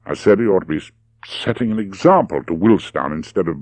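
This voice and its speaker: A man reading a young, frank, quick-tempered woman's lines, slightly raised in pitch. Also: expressive, a little mellow, no room sound. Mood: rueful.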